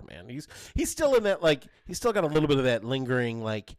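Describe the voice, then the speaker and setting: Podcast co-host, male, 30s, lively storyteller, dry close mic. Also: fairly quick, hardly any pauses, dry recording. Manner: animated, jumps to high voices when quoting his kids. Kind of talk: casual storytelling chat.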